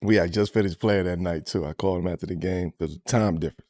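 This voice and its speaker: A man's voice: low-pitched, quick pace, darkish tone. A man hosting a podcast, telling a story in casual chat and laughing often. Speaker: podcast host.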